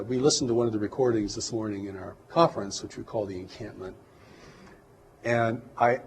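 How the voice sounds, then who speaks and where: Calm, low-voiced man musing thoughtfully. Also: a little hiss or hum, rough recording. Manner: calm, reflective and earnest. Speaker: guest. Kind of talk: interview talk.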